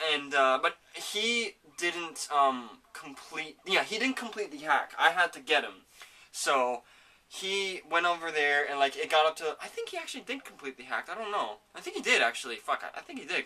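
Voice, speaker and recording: A man hosting a casual home podcast, rambling excitedly about a video game and swearing often. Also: fairly high pitch, brisk, far from the mic. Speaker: podcast host. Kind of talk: casual gaming chat.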